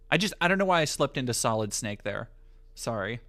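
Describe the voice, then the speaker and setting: A man's voice: medium pitch, sing-song, brisk, a bit bright. Profane, joking male streamer. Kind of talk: casual live-stream chat.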